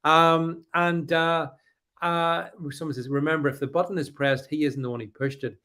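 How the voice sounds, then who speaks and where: Halting man, fairly high voice. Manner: halting, many restarts, animated. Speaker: podcast co-host. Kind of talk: casual political chat reading live comments.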